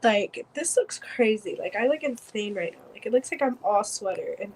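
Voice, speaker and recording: A woman's voice: medium pitch, animated, moderate pace, a little mellow, slight background noise, low-quality recording. A woman co-hosting a casual wrestling review podcast from her iPad, chatty and full of fillers. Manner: chatty, lots of fillers, laughs easily. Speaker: podcast co-host. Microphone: iPad on a video call.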